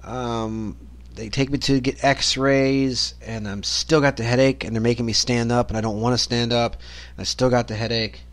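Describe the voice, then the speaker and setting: A man's voice: medium pitch, little pitch movement, normal speed, dry recording. Profane, rambling man podcast host. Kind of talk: rambling solo monologue rant.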